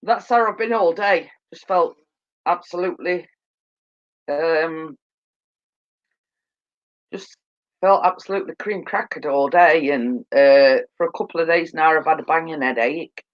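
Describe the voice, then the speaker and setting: Woman host, tired with a cold, slow rambling chat, muffled lo-fi phone sound. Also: low voice. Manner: rambling, filler-heavy, repeats "as I say". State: tired and yawning, coming down with a cold. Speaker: livestream host. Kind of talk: casual chat.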